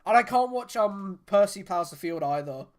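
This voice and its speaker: Loud, laughing young man on a call. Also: high-pitched, animated, normal speed. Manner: loud, laughing, self-mocking storyteller. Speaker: voice actor and musician. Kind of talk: casual group call chat.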